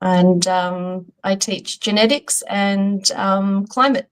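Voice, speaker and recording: A woman's voice: mid-range voice, fairly even intonation, slow pace, clean tone, poor audio. A woman from Australia with an Australian accent, a university teacher calling in and giving brief, modest answers. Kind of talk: casual chat.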